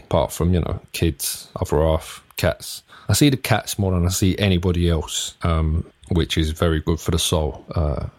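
A man's voice: sits low, a little mellow. A man hosting a solo podcast, rambling and swearing as he jumps between topics. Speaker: podcast host.

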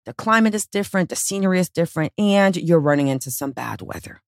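A woman hosting a motivational podcast as a weight-loss coach, talking casually and bluntly with plenty of swearing and lively storytelling. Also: fairly low pitch, quick pace, no room sound, clean studio sound. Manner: casual, profane, animated storytelling.

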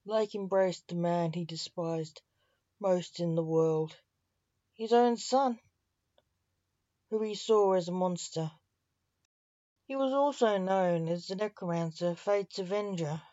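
A woman narrating a short story in a steady, measured reading voice, in a dull, dry, lo-fi recording. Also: fairly low pitch, dry recording.

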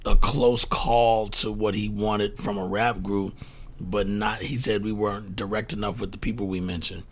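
Low gravelly man telling stories. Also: moderate pace. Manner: animated storyteller who laughs often and acts out the people in his stories. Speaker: guest, music producer. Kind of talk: casual storytelling interview.

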